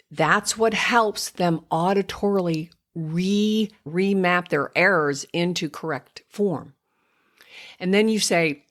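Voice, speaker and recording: Older lady speech therapist, slow and patient, kinda low voice, explains stuff to parents. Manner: patient, explanatory, slips into exaggerated child-directed speech when modeling. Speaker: speech therapist and podcast host. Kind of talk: instructive podcast talk to parents.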